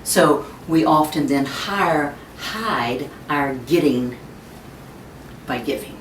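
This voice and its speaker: A woman in her fifties giving a webinar talk, telling stories in an animated way and acting out the voices she quotes. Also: slow. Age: 50s. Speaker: speaker on child discipline. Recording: echoey room, distant mic, faint rumble.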